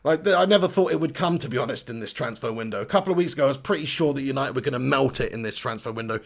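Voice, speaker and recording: Gravelly, upbeat live-stream host. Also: male voice, medium pitch, rapid-fire. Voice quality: energetic, chatty, reads viewer comments aloud. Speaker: football fan channel host.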